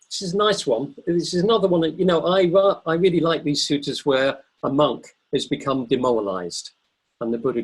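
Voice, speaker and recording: A man with a husky, slightly breathy voice gives a Buddhist talk. He speaks thoughtfully and without hurry, at a middling pitch, pausing often with ums and correcting himself along the way. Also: poor audio. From Britain. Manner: thoughtful, unhurried, pauses with ums and self-corrections. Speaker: Buddhist teacher. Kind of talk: dharma talk.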